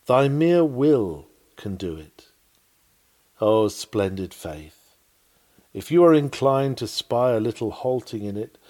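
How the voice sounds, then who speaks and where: A man delivers an old-fashioned sermon in a fervent, pleading manner. His voice sits at an ordinary male pitch but climbs and falls dramatically from line to line, and he slows down on the key phrases to press them home. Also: mellow. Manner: fervent and pleading, with wide swings in pitch and volume.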